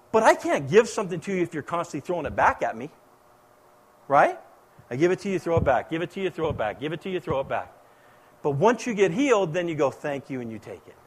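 Pastor, male, middle-aged, from the US, high voice, impassioned sermon delivery that rises loud then drops to a hush. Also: husky. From United States. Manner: impassioned, swings between loud exhortation and hushed quoting.

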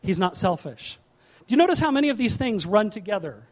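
A male pastor preaching a sermon in an animated, humorous way, repeating his key phrases. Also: high-pitched, brisk.

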